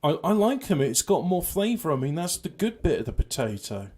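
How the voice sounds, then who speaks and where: Husky man hosting a stream. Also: very animated, a little fast, a little mellow. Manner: rambling, mock sales-pitch delivery. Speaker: show host. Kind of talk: casual livestream banter. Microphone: home computer microphone.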